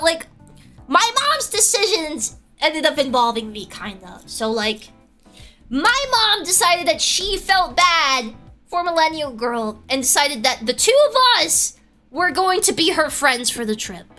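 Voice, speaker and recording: A young woman with a high, bouncy voice that leaps all over the place, telling a gossipy story to her stream. Her tone is bright and sharp, and she laughs often between remarks. Soft music plays quietly behind her. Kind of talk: casual storytelling while reading chat.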